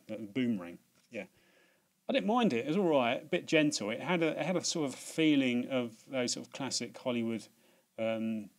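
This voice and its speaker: A man's voice: medium pitch, fairly bright tone. British male vlogger, mid-range voice, loose rambling delivery full of false starts. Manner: rambling, many restarts and fillers; laughs at himself, swears casually. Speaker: video host. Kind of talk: casual chat.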